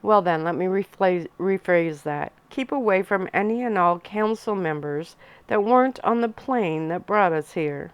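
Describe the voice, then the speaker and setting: Calm gentle vampire dad as a lady reads him, lowish smooth voice, ASMR story. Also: a little slow, no room sound. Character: calm protective vampire father.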